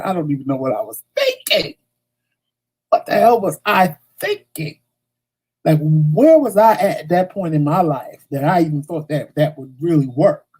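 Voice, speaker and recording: A man hosting a morning talk show, talking in a casual monologue that is blunt and animated, with slang and stuttered restarts. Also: a little high, rough recording.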